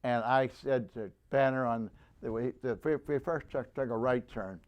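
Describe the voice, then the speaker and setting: A man's voice: medium pitch, normal speed, clear, resonant tone, muffled recording. A man in his nineties, a veteran, tells a rambling war story with many restarts and acts out the voices of the people he quotes. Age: 90s. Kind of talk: oral history storytelling.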